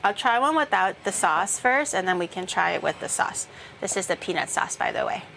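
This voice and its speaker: A woman's voice: medium pitch, expressive, fairly quick, creaky, fairly bright tone, slight background noise. A woman chatting casually with viewers while she cooks on a live stream, swearing now and then. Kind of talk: casual chat while cooking. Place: home kitchen.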